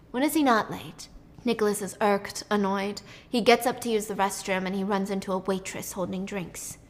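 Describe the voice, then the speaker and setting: A young woman casually retelling a story in a chatty, quick way, swearing now and then. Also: mid-range voice.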